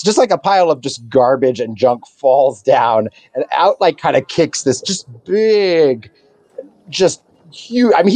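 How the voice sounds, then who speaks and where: A man's voice: medium pitch, darkish tone, dry recording. A man narrating as game master of a tabletop game, rambling with lots of fillers.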